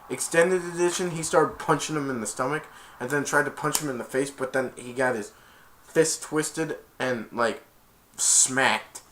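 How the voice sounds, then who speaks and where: A young man, an amateur reviewer, excitedly retells a movie scene by scene and acts out the characters' lines. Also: mid-range voice.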